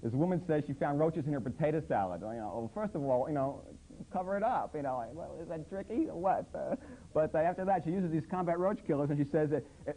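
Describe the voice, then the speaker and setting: On a satirical public access program, a comedy host in a hot-lit TV studio ridicules commercials, sarcastic and incredulous, and parrots the ads in mock voices. His voice is fairly high, warm and expressive, and he talks quickly. Audio quality is poor.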